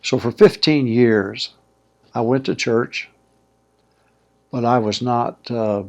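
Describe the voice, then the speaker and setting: A man's voice: mid-range voice, steady tone, slow pace, creaky, darkish tone. An older man, a pastor and guest, telling his story in a folksy, plainspoken way and chuckling as he goes. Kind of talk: storytelling interview.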